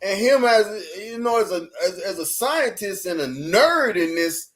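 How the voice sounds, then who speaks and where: A man, a podcast guest, telling a personal story in an animated, lively way, often laughing. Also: high voice, a little slow. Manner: lively, laughing, acts out dialogue in his story.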